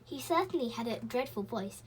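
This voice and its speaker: A woman reads a children's book aloud, gentle and expressive, now and then slipping and starting a word again. Her voice sits a bit high and moves with lively rises and falls. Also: moderate pace, heavy background noise. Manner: gentle and expressive, with small slips and restarts. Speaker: reader.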